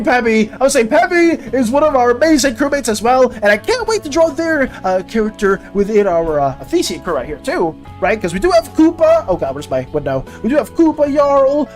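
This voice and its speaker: An art streamer in casual live-stream chat, reading viewers' messages aloud and answering them. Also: medium pitch.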